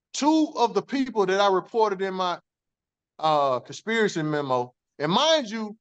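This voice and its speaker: A man's voice: high-pitched, fairly bright tone. A man, a former corrections officer, telling his story in an interview, emphatic and profane, acting out the dialogue he quotes.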